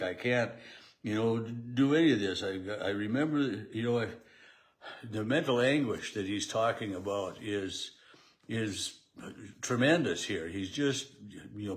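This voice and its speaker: A pastor talking through a daily Bible devotional in a halting, unscripted way, with frequent restarts and fillers. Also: male voice, on the low side. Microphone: camera at home setup.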